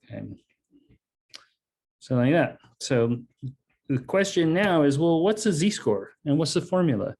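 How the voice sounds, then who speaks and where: A man's voice: fairly high pitch, very animated, a little slow, vocal fry, long pauses, a little mellow. A man teaching a math lesson online, explaining step by step in a casual way and saying "okay" and "um" often. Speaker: math instructor. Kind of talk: online lecture.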